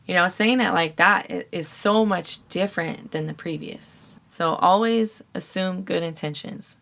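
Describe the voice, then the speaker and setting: A woman's voice: lowish voice, unhurried, vocal fry, fairly bright tone. A woman hosting a podcast, talking candidly about relationships in a casual advice monologue, swearing freely and using lots of fillers. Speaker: podcast host.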